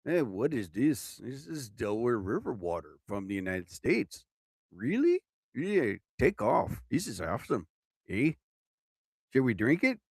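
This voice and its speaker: A man's voice: mid-range voice, sing-song, a little slow, slightly rough, no echo, clean studio sound, voice pushed down, full character voice. A man voicing a friendly, teasing Canadian man in an exaggerated, mocking put-on Canadian accent.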